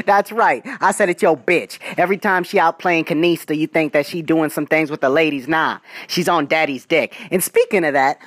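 A man's voice: fairly high pitch, a bit bright, dry recording. A man answering a roast with a boastful, laughing, profane diss. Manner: boastful, trash-talking, laughing. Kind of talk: comedic diss response.

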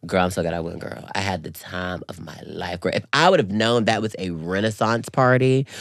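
A man co-hosting a podcast, telling a story in casual chat, very animated and swooping high when excited, calling everyone "girl". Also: fairly quick, no room sound, studio quality. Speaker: podcast co-host.

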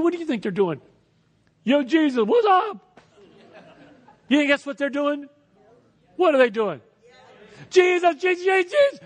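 A man preaching a sermon as pastor, animated, acting out voices and leading the crowd to repeat after him. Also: sits high. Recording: reverberant hall.

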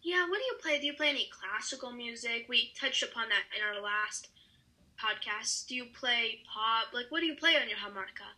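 A woman's voice: fairly high pitch, expressive, a little fast, sharp tone, poor audio. A woman hosting a comedy sketch interview, asking chirpy, eager questions. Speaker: podcast host.

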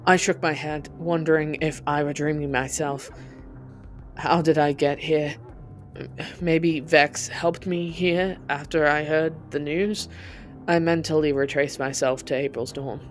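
A podcast narrator telling a personal story in the first person, in a quiet, intense, confessional way. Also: medium pitch, fairly even intonation, a little slow, soft background music.

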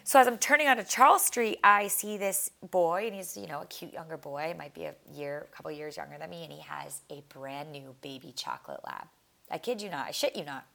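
A young woman talks through a solo podcast episode, her fairly low voice grainy with vocal fry. She speaks casually and from the heart, drifting between thoughts, restarting sentences and leaning on fillers. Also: animated, a little fast, pushed and bright. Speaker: podcast host. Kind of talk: reflective solo podcast monologue.

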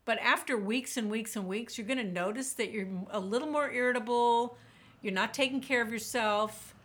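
A woman guest on a podcast, talking about burnout and telling lively stories in which she quotes herself. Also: a little high, normal speed. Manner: animated storyteller, quotes herself vividly. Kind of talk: podcast interview, storytelling.

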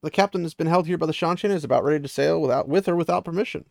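A man reading out a restless, impulsive young woman's lines in a loose paraphrase, lifting his pitch a little for her. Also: lively intonation, quick pace, vocal fry, dry recording, studio quality. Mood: urgent. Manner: loose paraphrase, barely acted.

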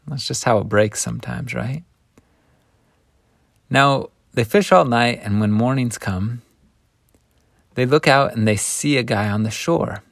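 A man's voice: mid-range voice, a little slow, gravelly, pauses often, dry recording, studio quality. A man teaching a Bible lesson, retelling the story in a conversational way with folksy asides. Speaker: scripture teacher.

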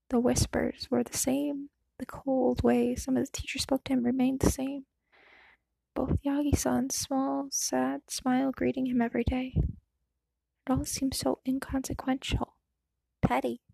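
A woman narrating a story aloud, her voice slightly high with a gravelly fry at the edges. Her reading is soft and emotional and sometimes sinks to a whisper. The sound is dry and close to the mic. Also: no echo, rough recording. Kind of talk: reading fan fiction aloud.

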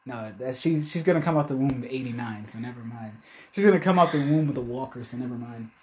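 A man's voice: mid-range voice, fast talker. A man chatting casually as a co-host, rambling and swearing freely as he tells stories. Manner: animated, profane, rambling storyteller. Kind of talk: casual chat.

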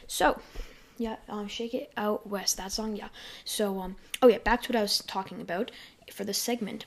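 A woman chatting on her own podcast at an ordinary, mid-range pitch. She wanders from point to point with plenty of "um"s and restarts. She is recorded on a desk mic in her bedroom. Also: fairly even intonation, normal speed, vocal fry. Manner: rambling, full of fillers and self-corrections. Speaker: podcast host. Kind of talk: casual solo podcast chat.

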